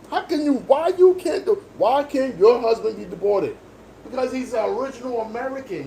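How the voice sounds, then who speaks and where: Man with a high voice, lecturing emphatically. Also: darkish tone, distant mic. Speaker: barber. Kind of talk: casual barbershop chat. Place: barbershop. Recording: echoey room with background noise.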